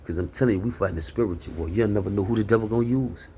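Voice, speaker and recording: Man, low-ish voice, earnest street-slang sermon, repetitive "you hear me", faint background noise. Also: racing, mellow. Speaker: preacher giving life advice. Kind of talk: casual spoken sermon monologue.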